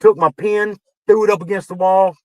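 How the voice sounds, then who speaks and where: A man, a wrestling veteran guest on a podcast, telling backstage stories in a casual, animated way, acting out quoted dialogue and swearing as he gets heated. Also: high voice, normal speed, dry recording, poor audio. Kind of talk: casual storytelling.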